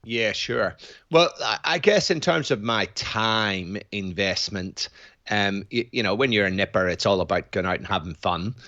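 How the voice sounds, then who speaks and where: A man's voice: fairly low pitch, expressive, normal speed, pushed and bright, dry recording. A middle-aged man from Belfast with a Northern Irish accent, a guest chatting casually in an interview and repeating words as he starts sentences. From Northern Ireland. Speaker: guest, physiologist and former military aviator. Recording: dry, dull lo-fi sound.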